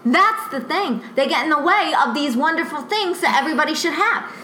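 A high, bright-voiced woman from the US chats as a doting mother, rambling and gushing, easily worked up. She sounds like she is in an echoey room, with faint noise behind her. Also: lively intonation, brisk. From United States. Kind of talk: casual chat on a call.

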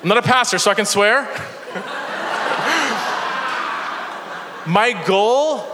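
A man's voice: very high voice, drawn-out words, background noise. A man preaching a sermon in a church, telling stories with energy and self-deprecating humor. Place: church sanctuary. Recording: long church hall reverb.

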